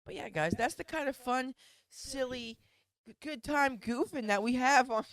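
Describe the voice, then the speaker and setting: High, smooth-voiced man on a podcast. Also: moderate pace, fairly bright tone, no room sound. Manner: goofy, swears freely, slips into mock voices. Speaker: podcast co-host. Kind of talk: casual comedic banter.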